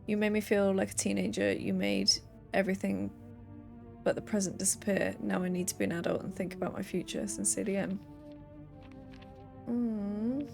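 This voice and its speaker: Gravelly-voiced woman streamer. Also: mid-range voice, little pitch movement, fairly quick, over music. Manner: reads letters aloud with playful asides and laughs. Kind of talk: game let's play, reading notes aloud.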